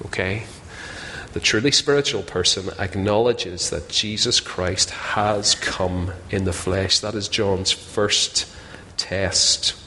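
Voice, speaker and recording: A man's voice: on the low side, steady tone, takes it slowly, bright, forceful tone, a little hiss or hum. A man preaching a sermon in a conversational, self-deprecating way, often putting questions to his listeners. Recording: long hall reverb, faint ambience.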